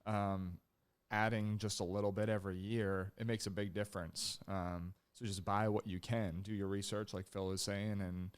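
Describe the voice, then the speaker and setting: Plain-spoken contractor, low smooth voice. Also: male voice, flat delivery, normal speed. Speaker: contractor guest. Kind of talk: casual podcast chat.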